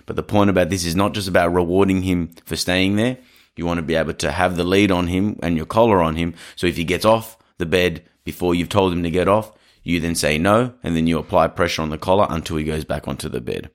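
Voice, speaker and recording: Deep-voiced man giving blunt dog-training advice. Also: quick pace. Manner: direct, assertive, acts out quoted people. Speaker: dog trainer podcast host. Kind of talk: casual advice podcast.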